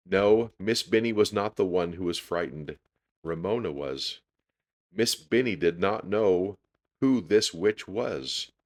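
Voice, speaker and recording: A man reading a children's chapter book aloud, expressive and measured. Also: deep voice. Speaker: storyteller.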